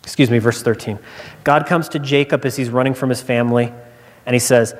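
A man's voice: medium pitch, fairly even intonation, a little fast. A man preaching a sermon as pastor, earnest and emphatic, repeating his key points, recorded in a church sanctuary with long reverb.

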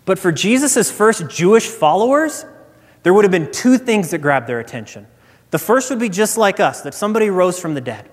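A man preaching a sermon as pastor, telling stories in a relaxed, conversational way. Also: high voice, normal speed. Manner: conversational storytelling. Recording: echoey hall reverb.

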